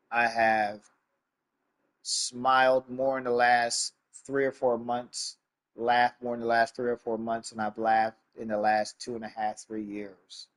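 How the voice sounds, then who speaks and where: Choked-up man thanking his stream viewers. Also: mid-range voice. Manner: heartfelt, earnest and choked up. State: stuffy nose, near tears. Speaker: sim racing streamer. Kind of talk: live stream talk to chat.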